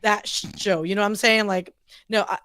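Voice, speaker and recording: American woman, mid pitch, dry close mic, chatty, laughs a lot. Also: steady tone, a little fast, pushed and bright, no room sound. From United States. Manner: chatty, laughs often, frequent "like". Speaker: co-host. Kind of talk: casual chat on a livestream. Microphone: mic on a stand.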